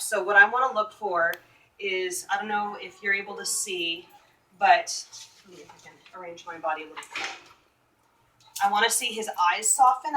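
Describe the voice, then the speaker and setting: A woman giving a hands-on teaching demo inside a dog kennel at an animal shelter, explaining calmly and gently with frequent restarts. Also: medium pitch. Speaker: shelter volunteer trainer. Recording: distant mic, faint background noise.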